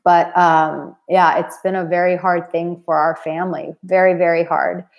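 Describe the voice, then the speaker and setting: A woman's voice: on the low side, little pitch movement, normal speed, creaky, highs cut off. A woman in her thirties or forties hosting a live stream as a dating coach, talking earnestly and from the heart to her viewers. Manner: earnest, heartfelt, emotional at times. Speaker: dating coach and channel host.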